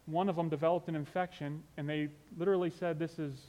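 Earnest conversational preacher, man, higher pitch. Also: fairly even intonation, fast talker, mellow, big-room sound. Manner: conversational and earnest, with asides like "you know". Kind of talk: sermon.

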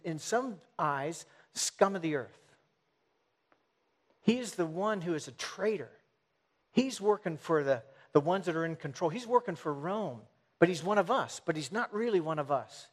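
A man preaching a sermon in an earnest way, stressing points by repeating them and sometimes restarting phrases. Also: a little high. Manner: earnest, repetitive emphasis with halting restarts.

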